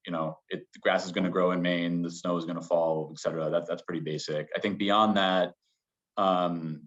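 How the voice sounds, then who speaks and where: A man being interviewed as a business guest, answering in a measured way full of qualifiers. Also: sits low. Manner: measured, hedging with many qualifiers. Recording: dull lo-fi sound.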